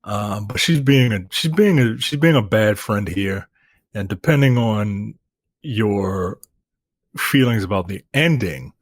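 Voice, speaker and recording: A man with a low voice talks through his opinion of a film on a podcast. His tone is thoughtful and searching, full of "like" and restarts. The sound is close and dry, with no room echo. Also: expressive, a little slow. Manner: thoughtful, reasoning aloud with many restarts. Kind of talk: casual discussion.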